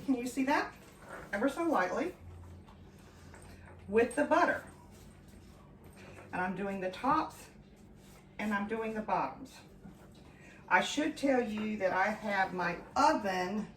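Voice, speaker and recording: A friendly woman talks her viewers through a home recipe, chatty and enthusiastic, calling them friends. Her voice sits a little away from the mic, in a kitchen that rings with room echo. A steady hum of household noise runs behind her. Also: medium pitch, recorded from a distance. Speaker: home cooking vlogger. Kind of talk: casual cooking demonstration.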